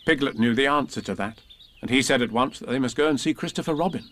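A man reading a children's storybook aloud, gently and expressively. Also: mid-range voice, fast.

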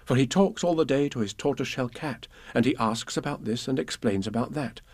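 A man reading children's poems and a storybook aloud in a gentle, expressive way. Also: mid-range voice, a little fast, no room sound. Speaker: reader.

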